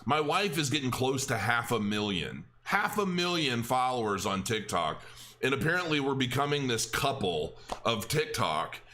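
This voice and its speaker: A man's voice: mid-range voice, big pitch swings, normal speed, pushed and bright. A middle-aged man hosting a crypto channel, rambling in a casual chat with restarts and filler words.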